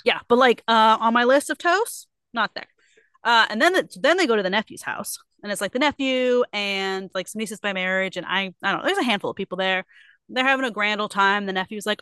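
Bright, crisp young woman retelling a story. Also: mid-range voice, dry recording. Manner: animated retelling with quick put-on quotes, many fillers. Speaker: podcast co-host. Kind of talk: casual book club chat.

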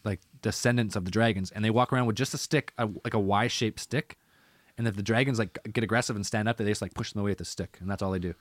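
Low-voiced guy rambling fast, lots of likes, dry close mic. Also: steady tone, dry recording. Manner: rambling, restarts, many fillers like "like". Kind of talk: casual chat.

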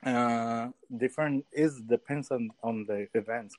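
Slow, hesitant man searching for words. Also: medium pitch, no room sound. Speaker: sports photographer guest. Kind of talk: casual interview chat.

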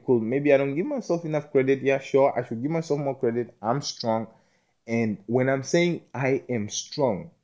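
A man with a mid-pitched voice talks through a loose, preachy spiritual monologue. He stumbles over repeated words, swears casually and keeps checking "you understand me?" as he builds himself up. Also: darkish tone. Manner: self-affirming, preachy, often asks "you understand me?".

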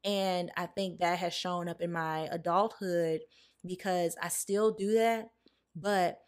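A woman's voice: on the low side, fairly even intonation, slow. A woman in her late twenties hosting a reflective solo podcast, talking candidly and heartfelt, speaking straight to her listeners. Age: late 20s. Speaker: podcast host.

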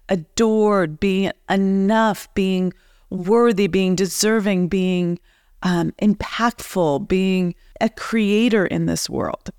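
A woman coach giving a slow, reflective motivational talk, speaking straight to the listener. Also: medium pitch, a little mellow, no room sound, clean studio sound.

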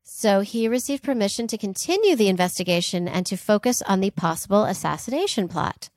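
A woman's voice: medium pitch, lively intonation, brisk, darkish tone, no room sound. A woman co-hosting a podcast, telling a history story in a casual, joking way with fillers and asides. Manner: chatty, jokey, fillers and asides. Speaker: podcast co-host.

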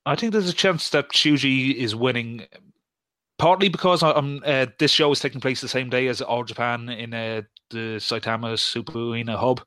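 A man's voice: mid-range voice, moderate pace, sharp tone, no echo. Hesitant man chatting, dry sound. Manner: hesitant, many fillers and restarts. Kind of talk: casual podcast chat about wrestling.

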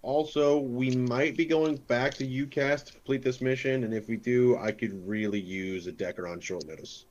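A man's voice: medium pitch, steady tone, moderate pace, few pauses, highs cut off. A man playing a tabletop game, describing his character's actions in a joking, rambling way. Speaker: player. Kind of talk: casual tabletop play.

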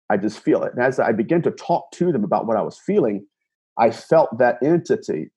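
A man being interviewed, retelling a personal encounter in an animated way, often restarting and repeating words. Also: on the low side, breathy edge. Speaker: guest, paranormal investigator. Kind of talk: storytelling interview.

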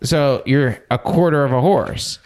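A man guesting on a comedy show, overexplaining in a flustered way and reading aloud slowly and solemnly. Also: mid-range voice, darkish tone. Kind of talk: improvised comedy chat.

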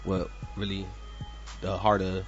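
A man guesting on a casual show, rambling and halting, often repeating words. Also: low-pitched, monotone. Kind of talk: casual chat. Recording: dull lo-fi sound with faint music.

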